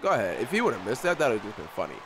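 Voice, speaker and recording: A young man giving casual live commentary on his own basketball video game, excitable and often repeating himself as he talks to the players on screen. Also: fairly low pitch, rapid-fire, slight background noise. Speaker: gaming YouTuber.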